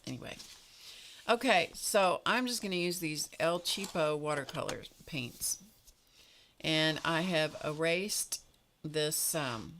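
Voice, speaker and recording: While painting on an art livestream, a woman chats casually, rambling and telling stories with small laughs. Her voice is low-pitched with a fairly bright tone, and there's slight background noise.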